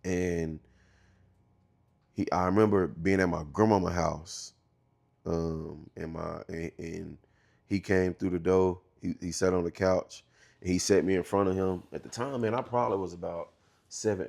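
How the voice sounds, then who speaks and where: Man, thirties, halting candid storytelling, slangy, gravelly rasp. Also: low-pitched, steady tone, darkish tone. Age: 30s. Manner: halting, restarts often, slangy and profane. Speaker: interview guest.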